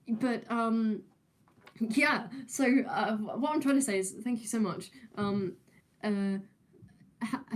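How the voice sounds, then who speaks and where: A woman's voice: mid-range voice, a little mellow. A young woman, chatting casually on a livestream and answering viewers with many fillers, restarts and giggles. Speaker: streamer.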